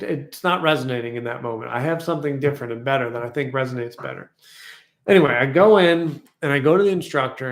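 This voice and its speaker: Guy vlogging about his week, rambly and reflective, kinda gravelly, roomy echo. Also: mid-range voice. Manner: reflective, rambling, repeats affirmations slowly. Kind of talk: casual personal vlog storytelling.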